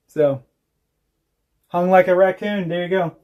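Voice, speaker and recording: A man's voice: sits high, steady tone, takes it slowly, pauses often, dark tone. A man, telling rambling, profane stories while chatting on a casual homestead livestream. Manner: rambling, profane storytelling with laughs. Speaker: homestead vlogger.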